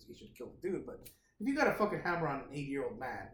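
A man's voice: a little high, very animated, fast talker. A man co-hosting a podcast, swearing and laughing through casual banter. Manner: laughing, swearing, jumps into impressions. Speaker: podcast co-host. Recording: roomy echo with faint noise.

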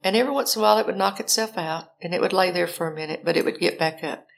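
An older woman tells a story, her voice carrying a gravelly edge. She talks animatedly and acts out her own frantic calls for help. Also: fairly low pitch, rapid-fire, background noise. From Alabama, US. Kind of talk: personal storytelling.

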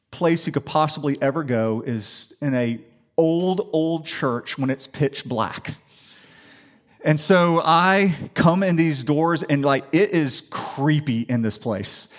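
A man from the Atlanta area preaches a sermon. His voice sits a little high, and it swings between quiet scripture reading and loud, animated declarations. He sounds like a pastor talking to his congregation. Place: church sanctuary.

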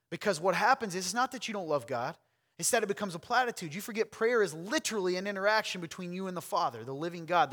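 A pastor preaching a sermon to a congregation in a church, swinging from loud calls to hushed near-whispers, with conversational asides to the listeners. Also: male voice, high-pitched.

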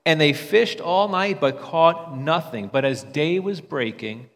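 A man's voice: a little high, expressive, unhurried, a bit bright, long reverb tail. A man preaching a sermon in a conversational way, often stumbling and repeating words as he restarts.

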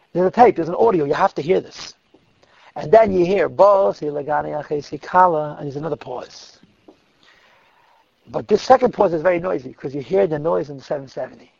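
A man telling a story to a group of girls, vivid and dramatic, dropping to a hush at tense moments, in a dull, dry recording. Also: fairly high pitch, gravelly, breathy edge, no echo. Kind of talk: animated storytelling talk.

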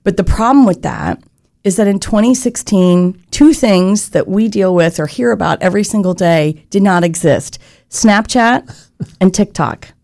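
A woman's voice: medium pitch, a little slow, creaky, mellow. A woman leading a chamber of commerce, speaking earnestly and articulately in an interview conversation. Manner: earnest, articulate, explains with examples.

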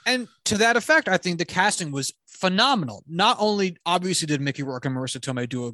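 A man talking casually about a film, animated and rambling, swearing offhand. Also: high voice, quick pace, dry recording, clean studio sound. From New Jersey. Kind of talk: casual film review chat.

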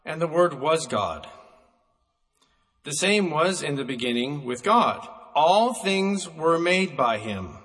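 A man preaching a sermon, emphatic and slowing down to stress single words, recorded in a church hall. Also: fairly high pitch, a bit bright.

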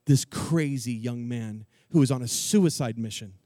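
A male preacher telling a story in an animated, jokey, slangy sermon style. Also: mid-range voice, a little slow, no echo, studio quality.

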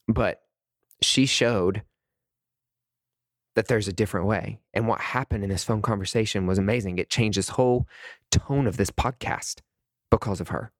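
Podcast host, male, fairly low voice, heated and rambling monologue, dry sound. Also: unhurried, long pauses, dry recording. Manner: impassioned, rambling, many restarts and "like"s.

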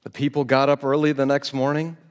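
A man's voice: mid-range voice, little pitch movement, fairly quick, smooth, long reverb tail. A man preaching a sermon, reading scripture aloud with dramatic voices and chuckling as he comments. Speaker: pastor.

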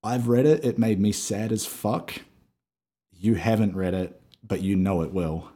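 Deep, mellow-voiced man chatting casually. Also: measured pace, breathy edge. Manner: swears freely, laughs often. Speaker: podcast co-host. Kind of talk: casual chat over a video call. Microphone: video call.

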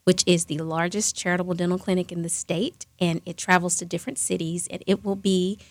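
A woman's voice: fairly low pitch, little pitch movement, fairly quick, no echo. A woman, a guest from a charity foundation on a radio interview, explaining things in an upbeat way.

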